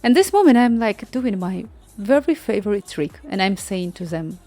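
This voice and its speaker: A woman vlogger telling a story in casual non-native English, acting out the people in it with lively quoted voices. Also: medium pitch, moderate pace, hardly any pauses, faint music behind. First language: not Spanish.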